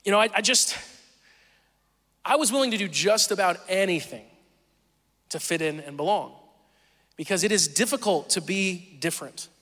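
A man in his thirties with a Southern accent, preaching a sermon and telling animated, self-deprecating stories from his own life. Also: high voice, moderate pace, long pauses, big-room sound. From Southern Missouri. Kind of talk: sermon with personal storytelling.

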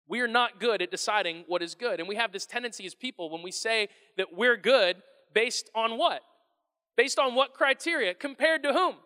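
A man preaching a sermon as pastor, animated and conversational, often restarting his phrases. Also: very high voice, moderate pace, in a large hall.

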